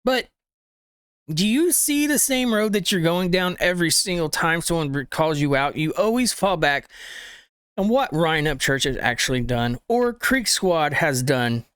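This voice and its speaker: A man's voice: a little high, lively intonation, measured pace, a bit bright, clean tone, dry recording, studio quality. A man hosting a reaction video who scolds the clip's speaker with rhetorical questions and informal grammar. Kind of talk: reaction commentary.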